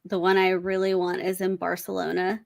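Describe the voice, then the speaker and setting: A woman's voice: lowish voice, monotone, fairly quick, gravelly, no room sound. A woman co-hosting a casual live stream chat, laid-back and giggly.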